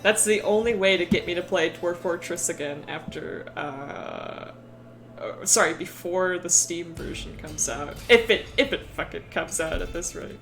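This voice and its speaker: Woman streamer, laid-back pace, expressive pitch, profane and giggly. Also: unhurried, faint music behind. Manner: profane, laughing, rambling. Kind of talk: casual live-stream worldbuilding chat.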